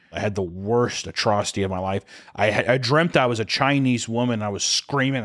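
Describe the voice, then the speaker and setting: A young man co-hosting a podcast, telling a story in a casual, profane, comedic way and acting out the voices of the people in it. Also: on the low side. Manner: animated, profane, acts out quotes with screams. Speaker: podcast co-host.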